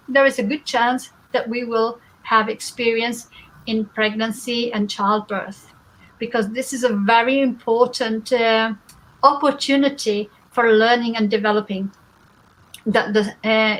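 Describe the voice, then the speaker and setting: A woman guest speaker gives a spiritual talk in a relaxed, conversational way, with a slightly high voice. She explains her ideas through everyday examples. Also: poor audio.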